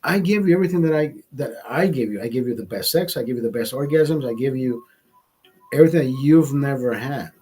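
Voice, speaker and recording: A man's voice: medium pitch, lively intonation, fairly quick, warm tone, husky, low-quality recording. A man hosting a livestream, telling a story in a heated, profane rant. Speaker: livestream host. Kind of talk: ranting storytime monologue.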